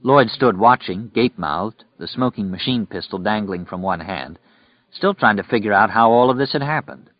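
A male audiobook narrator reads a scripted story aloud in a steady, measured way, his voice sitting on the low side. The recording is dry with no room sound and has a dull, lo-fi quality.

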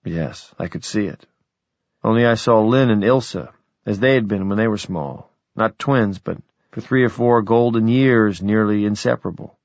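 A man reading a novel aloud as audiobook narrator, measured and even. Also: lowish voice, no echo. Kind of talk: scripted narration. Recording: dull, dry audiobook recording.

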